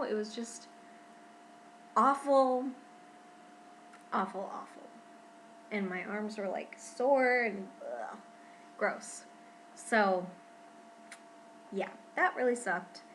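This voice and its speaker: A young woman talking casually to her camera at home in a pregnancy vlog, chatty and expressive, often saying "freaking". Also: mid-range voice, drawn-out words, pauses often, slight background noise, rough recording. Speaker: vlogger.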